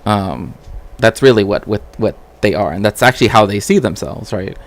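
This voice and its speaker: A man's voice: on the low side, expressive, moderate pace. A man streaming casual commentary as a cultural historian, rambling with frequent "right?" tags and restarts.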